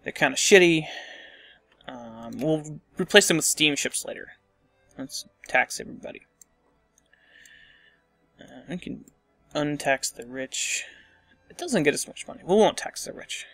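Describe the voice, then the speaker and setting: A man's voice: fairly high pitch, animated, unhurried, long pauses, a bit bright, no room sound, soft background music. A man casually commenting on a strategy game as he plays, thinking aloud and muttering asides to himself. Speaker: let's play host.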